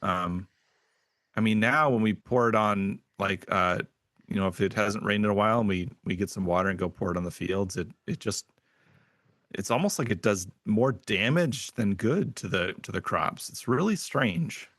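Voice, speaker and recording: Man playing a worried village farmer, halting and unsure, lowish voice, dry sound. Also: a bit bright, no room sound. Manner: hesitant, full of pauses and fillers.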